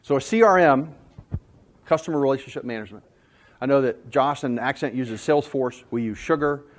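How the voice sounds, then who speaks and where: A man giving a sales management talk, telling jokey stories in an animated, self-deprecating way to a room. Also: medium pitch, fairly quick, slight background noise. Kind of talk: storytelling presentation.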